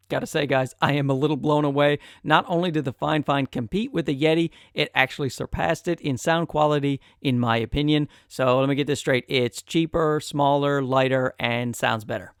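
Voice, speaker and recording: A man's voice: fairly high pitch, brisk, hardly any pauses, clean tone, no room sound. A man with a nasal voice, hosting a casual, joking product review into a close condenser mic. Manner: chatty, joking asides, frequent "uh" fillers. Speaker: tech reviewer, channel host. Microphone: close USB condenser mic with pop filter.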